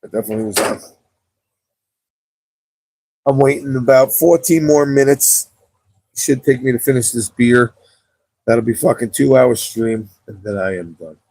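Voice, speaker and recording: A laid-back young man winds down his gaming livestream, rambling and swearing freely into a cheap wireless mic. His voice is gravelly and warm, a little husky, and the sound is dry and close with no room behind it. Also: medium pitch, fairly even intonation, measured pace, long pauses, dry recording. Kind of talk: casual livestream chat.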